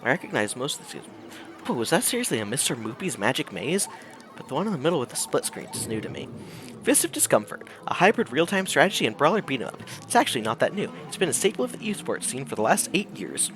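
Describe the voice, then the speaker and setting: A male streamer reading and narrating a visual novel, animated and jokey, laughing often. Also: mid-range voice, fast, music in the background.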